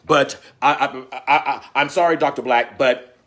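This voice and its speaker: A man's voice: medium pitch, steady tone, measured pace, a bit bright, lightly acted. A man voicing a flustered, apologetic school official who stammers through a refusal.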